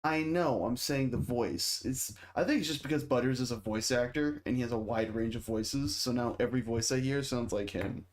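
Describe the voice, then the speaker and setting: A man's voice: mid-range voice, normal speed, few pauses. A man streaming, reacting in casual chat with blunt, sarcastic swearing.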